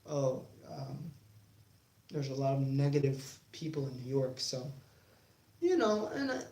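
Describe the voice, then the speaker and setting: A young man hosting his own sports talk channel, talking casually with many fillers and pauses, growing defiant. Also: medium pitch, sing-song, a little mellow. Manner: halting, many fillers, then heated and defiant. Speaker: YouTube sports channel host. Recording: echoey room.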